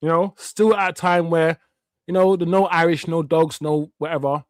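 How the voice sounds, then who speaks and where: This Jamaican-born man in his fifties hosts a casual watch-along live stream, ranting heatedly with street slang and plenty of swearing. His voice sits a little higher than most men's, with fairly even intonation and a moderate pace. The recording is dry and close, with no sense of a room around it.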